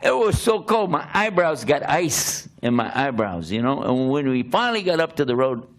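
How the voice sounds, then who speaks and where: An older man, a preacher, telling a humorous personal story in an animated, self-mocking way, often laughing as he talks. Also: medium pitch, moderate pace.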